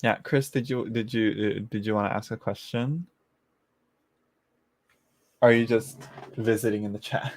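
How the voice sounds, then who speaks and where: With a lowish, fairly even voice, this tarot reader takes his time and pauses often. He's doing a casual live-stream reading for viewers, chatty and giggly, regularly trailing off and starting again.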